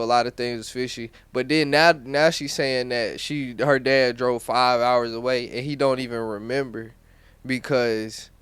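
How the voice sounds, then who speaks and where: Blunt slangy North Carolina podcast host. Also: male voice, mid-range voice, clear, resonant tone, no room sound. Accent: Southern US, North Carolina. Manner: blunt, slangy, profane, loose restarts. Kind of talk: casual commentary to camera.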